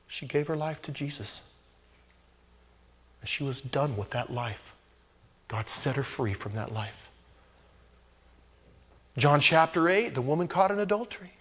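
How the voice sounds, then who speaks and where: A man preaching a sermon as a pastor, swinging between loud exclamations and hushed asides. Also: on the high side, animated, a little slow, pauses often, husky, in a large hall.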